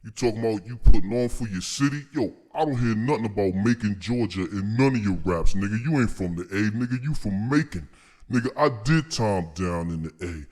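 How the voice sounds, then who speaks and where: A man's voice: lowish voice, animated, brisk, a little mellow. A man from Staten Island, delivering a boastful, confrontational, profane comic rant to the camera. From Staten Island, New York. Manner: boastful, confrontational, calls people out.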